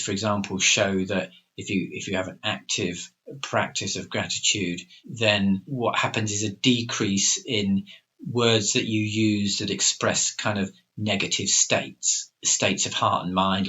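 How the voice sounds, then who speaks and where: A man's voice: deep voice, steady tone, measured pace, bright, forceful tone. A middle-aged man co-hosting a podcast, speaking in a thoughtful, hesitant way with many fillers. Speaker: podcast co-host, coach. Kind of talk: reflective podcast discussion. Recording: dull lo-fi sound.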